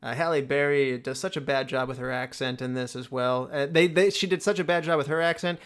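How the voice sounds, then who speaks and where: A man's voice: mid-range voice, fairly quick, clean tone. A man in his thirties hosting a casual movie podcast, teasing and laughing often. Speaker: podcast host.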